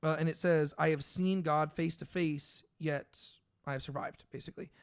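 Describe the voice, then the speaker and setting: A man co-hosts a laid-back scripture discussion, working through his ideas out loud with frequent fillers and self-corrections. His voice sits a bit higher than most men's, and the sound is close and dry with no room around it. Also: fairly even intonation, moderate pace, clear, resonant tone, dry recording. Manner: thinks aloud with many fillers and restarts. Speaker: podcast co-host. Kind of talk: casual Bible discussion.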